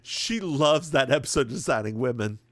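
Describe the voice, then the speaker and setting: A man's voice: medium pitch, expressive, moderate pace, dry recording, studio quality. A man co-hosting a podcast, casually recapping a TV episode with chatty, playful asides. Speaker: podcast co-host.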